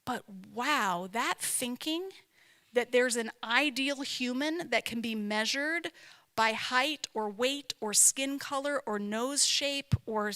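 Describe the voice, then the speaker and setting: Bright-voiced woman giving a reflective talk. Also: fairly high pitch, takes it slowly. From not from the American South. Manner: reflective, emphatic, asks herself questions aloud. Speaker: speaker and author. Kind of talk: conversational teaching talk.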